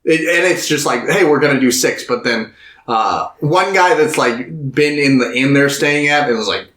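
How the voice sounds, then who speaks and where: A man's voice: medium pitch, normal speed, reverberant. A man co-hosting a podcast, casually retelling a film and acting out the characters' lines. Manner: animated, acts out characters' lines. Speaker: podcast co-host. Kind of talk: casual movie chat.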